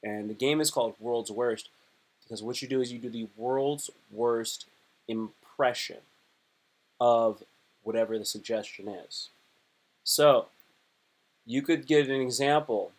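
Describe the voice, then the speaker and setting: A man's voice: mid-range voice, measured pace, long pauses. A young adult man, a comedian, talking casually and animatedly on a livestream with lots of restarts. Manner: chatty, animated, rambling with restarts. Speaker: comedian and live streamer.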